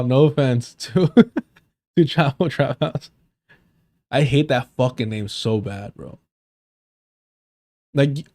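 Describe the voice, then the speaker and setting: Brief: male streamer, mellow tone, dry close sound, swears and jokes while reading aloud. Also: mid-range voice, no room sound. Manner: profane, joking asides between reading. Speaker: livestream host. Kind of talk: casual livestream commentary, reading an article aloud.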